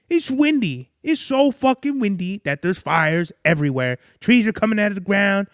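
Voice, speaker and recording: High-voiced rambling profane young man. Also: sing-song, moderate pace, few pauses, no room sound, studio quality. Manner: rambling, profane, loses his train of thought. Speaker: podcast host. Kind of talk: casual monologue.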